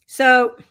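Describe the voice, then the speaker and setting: A middle-aged woman leading an online workshop, telling a personal story with frequent laughter, on a computer mic. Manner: warm storytelling, laughs often. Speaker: workshop leader. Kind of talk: live online workshop talk.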